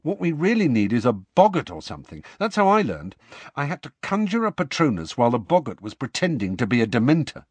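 A man's voice: mid-range voice, huge pitch swings, a little fast, slightly rough, no room sound. A man reading an audiobook voices an earnest teenage boy wizard who grows urgent and commanding.

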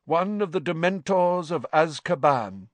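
A calm, kind teacher speaks in a raised, gentle tone that rises and falls a lot, as a man reads him. The delivery is unhurried and soothing. It is recorded close and dry. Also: on the high side, no echo, voice pushed up. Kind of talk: audiobook character voice.

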